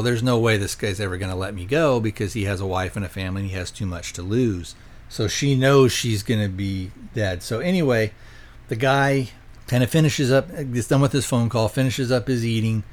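A man hosting a podcast, casually retelling a movie plot in a rambling way, often stopping to correct himself. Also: mid-range voice. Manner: rambling, self-correcting, conversational. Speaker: podcast host reviewing a movie. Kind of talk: casual spoken plot recap.

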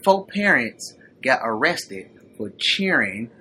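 A man hosts a casual podcast, his voice bright and bouncing up and down as he jokes around. He talks in loose slang and keeps breaking into laughter, with faint background noise. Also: mid-range voice, very animated, slow pace. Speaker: podcast host. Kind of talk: casual chat.

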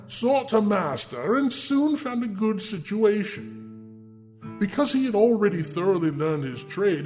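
Lively high-voiced sarcastic male storyteller. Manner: sardonic, mocking asides to the listener. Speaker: storyteller host. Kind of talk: dramatic fairy tale reading with sarcastic asides.

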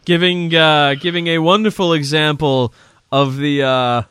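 A man's voice: a little high, fairly even intonation, a little slow, a bit bright, smooth. A man hosting a casual podcast panel chat, playful and fond of alliteration. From Providence, Rhode Island. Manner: playful, alliterative show intro. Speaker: host.

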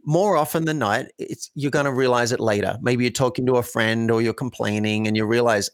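A man's voice: medium pitch, fairly quick, hardly any pauses, dry recording. Dry-miked man musing as a coach. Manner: reflective, acts out example dialogues. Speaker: coach and guest. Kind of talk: conversational interview.

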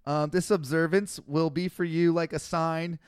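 A man with a high, smooth, resonant voice reads Bible verses aloud and breaks off to joke about them, laughing often. The sound is close and dry, with no room around it. He talks in a casual comedic chat. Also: steady tone, moderate pace, no room sound. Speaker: podcast host reading the Bible.

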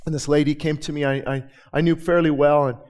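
A pastor preaching a sermon in a church, swinging from soft, halting storytelling to loud, fervent proclamation full of repeated phrases. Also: male voice, a little high, little pitch movement. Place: church with a balcony.

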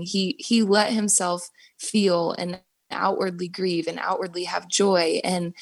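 A woman's voice: fairly low pitch, level tone, unhurried, no echo. A young woman, a worship leader, talking earnestly and reflectively about her faith in a podcast conversation. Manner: earnest, reflective, with soft laughs.

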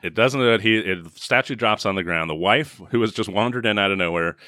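A man recapping a horror movie in casual chat, animated and laughing often, swearing now and then. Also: on the low side, brisk, no echo, clean studio sound. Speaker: podcast co-host.

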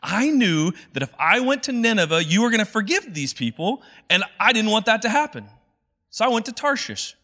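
A man's voice: sits high, very animated, brisk, pitched above the performer's own voice, full character voice. A man doing a whiny, dramatic prophet. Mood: indignant whining. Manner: complaining, exasperated, loud.

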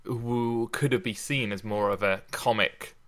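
Bright-voiced man musing aloud. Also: fairly low pitch, steady tone. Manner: thoughtful, halting, with many restarts. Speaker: podcast host. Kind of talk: casual discussion.

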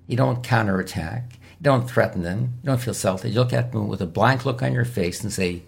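A man's voice: mid-range voice, brisk, vocal fry, few pauses, slightly rough. A man, a physician, giving emphatic, repetitive coaching advice as an interview guest. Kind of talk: instructional interview answers.

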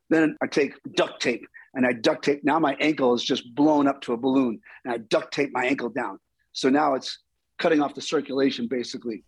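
A middle-aged man, a stunt performer, telling stories in an interview with lively, acted-out dialogue. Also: mid-range voice, breathy edge, dry recording, poor audio. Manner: animated, acts out quoted dialogue. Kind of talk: storytelling interview.

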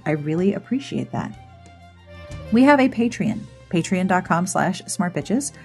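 A woman hosting a podcast, talking casually and playfully as she wraps up the episode. Her voice is a little breathy, and soft music plays quietly behind her. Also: medium pitch. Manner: chatty and playful, giggles at her own jokes. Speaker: podcast host.

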